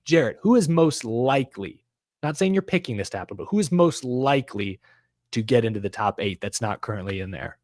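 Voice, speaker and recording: A man with a medium-pitched, brisk voice hosts a casual racing podcast, recorded dry with clean studio sound. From the American South, he's animated, leading the discussion and running through standings and stats.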